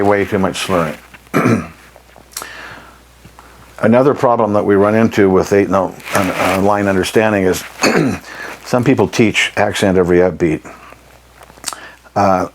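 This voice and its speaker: A man teaching saxophone articulation, explaining in an unhurried way, often clearing his throat and pausing with ums. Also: sits low, slight background noise. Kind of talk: instructional lesson.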